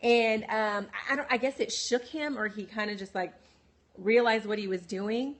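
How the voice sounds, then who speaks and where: A woman's voice: on the high side, moderate pace. A woman hosting a phone livestream, telling a personal story candidly with many fillers, restarts and laughs, and replying to viewers' comments. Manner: answers viewer comments by name. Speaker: livestream host. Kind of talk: personal storytelling on a live broadcast.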